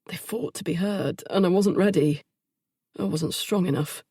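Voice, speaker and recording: A woman voicing a troubled young man in an audiobook, speaking softly and haltingly as he confesses. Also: lowish voice, breathy edge, no room sound. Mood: remorseful. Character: troubled young adult man, weary and remorseful.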